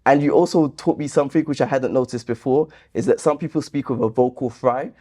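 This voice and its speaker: A man's voice: medium pitch, brisk, warm tone. A man hosting his channel, talking casually about comments viewers left, reasoning through them and getting indignant. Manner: chatty, reasoned, grows indignant when rebutting. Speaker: YouTube host reading viewer comments. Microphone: laptop camera mic.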